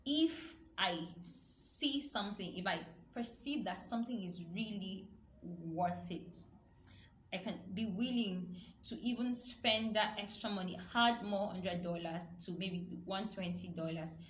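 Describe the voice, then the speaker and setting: A woman's voice: medium pitch, measured pace, a bit bright. A woman teaching a youth Bible study, earnest and repetitive, quoting scripture. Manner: earnest, repeats herself, quotes scripture. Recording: echoey room with faint noise.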